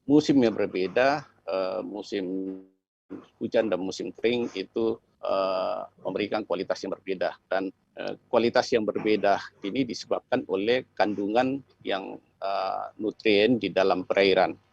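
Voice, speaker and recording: A man's voice: lowish voice, moderate pace, vocal fry, no echo, dull audio. A man answering a panel question over a video call, hesitating often with fillers.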